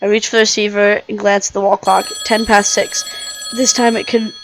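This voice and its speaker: Voicing a tired, cynical male plant-eating dinosaur detective, a woman narrates a visual novel in first person, restarting briefly over misread words. Her medium pitch and flat delivery sound natural and everyday, at a moderate pace, against a noisy background.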